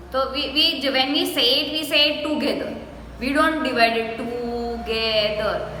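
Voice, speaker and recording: High, bright Indian English teacher. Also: female voice. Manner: slow, spells words letter by letter and stretches syllables. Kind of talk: recorded classroom lesson. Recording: echoey room with faint noise.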